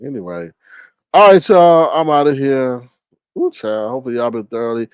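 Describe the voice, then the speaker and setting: Roasting people on his livestream, this male host sounds animated and clean at a moderate pace, with no room sound at all. The commentary is casual, sassy and theatrical, full of pitch swings.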